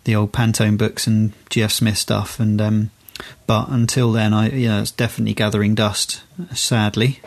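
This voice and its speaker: A man's voice: on the low side, flat delivery, normal speed, creaky, hardly any pauses. A man co-hosting a podcast, chatting casually and rambling with lots of restarts and fillers. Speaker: podcast co-host. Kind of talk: casual chat.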